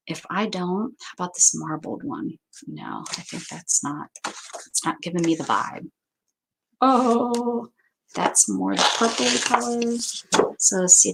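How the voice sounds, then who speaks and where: A woman's voice: fairly low pitch, gravelly. A woman hosting a crafting video, chatting casually to viewers and thinking aloud as she sorts paper. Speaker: craft channel host. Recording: noticeable background noise.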